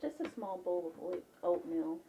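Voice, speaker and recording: A woman playing a tabletop game who makes dry, deadpan asides. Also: on the low side, normal speed, echoey room. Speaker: player.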